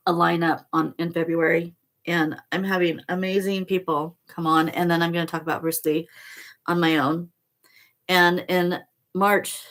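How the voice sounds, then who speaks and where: A middle-aged woman hosting a spiritual vlog, talking softly and slowly with emotional pauses. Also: on the low side. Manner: slow, soft and emotional, reads aloud with pauses. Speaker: channel host reading oracle cards.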